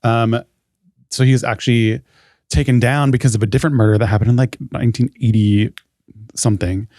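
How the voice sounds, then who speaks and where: A man's voice: medium pitch, steady tone, a little fast, a little mellow, no room sound, clean studio sound. Man recapping casually, many ums. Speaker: co-host. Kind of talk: casual podcast chat.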